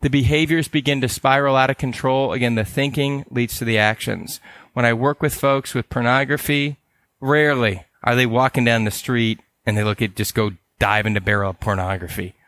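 This is a middle-aged man from California, a counselor teaching in a loose, conversational way. His voice sits in an ordinary mid pitch and is recorded dry, with no room around it. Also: steady tone, a little fast, fairly bright tone, dry recording. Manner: casual, acts out quoted voices in stories. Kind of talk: teaching talk with personal stories.

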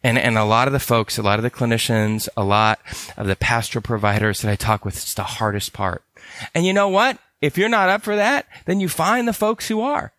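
A man's voice: mid-range voice, fairly quick, a bit bright, dry recording. A man teaching ministry helpers in an earnest, conversational way, often restarting and repeating phrases. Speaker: ministry care trainer. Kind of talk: teaching talk.

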